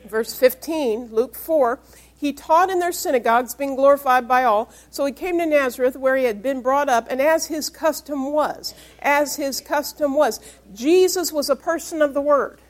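A woman pastor with a high-sitting voice preaches a Bible-study sermon at normal speed. She reads scripture aloud and emphatically poses call-and-response questions to draw answers from her congregation.

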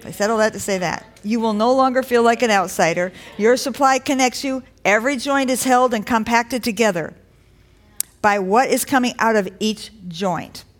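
A woman's voice: a little high, normal speed. Woman preaching conversationally to a congregation. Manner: conversational preaching with rising exhortations. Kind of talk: sermon. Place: church.

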